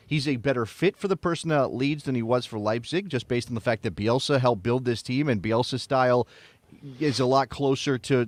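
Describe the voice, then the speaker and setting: A man co-hosting a soccer podcast, talking through a casual sports debate in an animated way, with frequent restarts and sudden jumps in pitch. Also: no echo. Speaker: podcast co-host.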